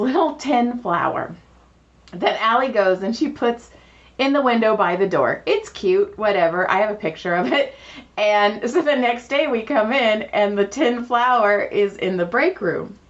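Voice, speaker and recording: Woman podcast co-host, casual animated storyteller, middle pitch, muffled lo-fi sound. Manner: animated, acts out quoted dialogue. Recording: dull lo-fi podcast audio.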